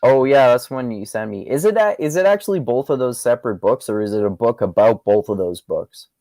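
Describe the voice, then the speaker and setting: A man's voice: medium pitch, expressive, a little fast, mellow, no room sound, low-quality recording. A man co-hosting a podcast, chatting casually and responding thoughtfully. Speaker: podcast co-host. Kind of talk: casual chat.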